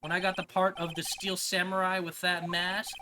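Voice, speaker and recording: A woman's voice: lowish voice, level tone, background noise, lightly acted. A woman doing a shy, mournful big man. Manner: slow, mournful, soft-spoken. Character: big, shy, gentle male actor.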